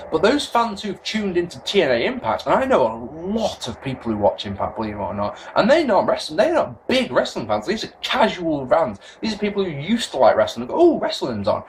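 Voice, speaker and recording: English bloke ranting at his camera, voice jumping all over the place, kinda high, bit of hiss behind. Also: rough recording. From England. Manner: ranting, animated, swears freely, many restarts. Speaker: wrestling vlogger. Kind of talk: casual opinion rant to camera.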